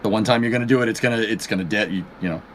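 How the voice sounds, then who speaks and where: A man's voice: lowish voice, racing, a bit bright, a little hiss or hum. A man with a Boston accent co-hosting a live stream in playful banter. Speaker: livestream co-host. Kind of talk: casual live commentary.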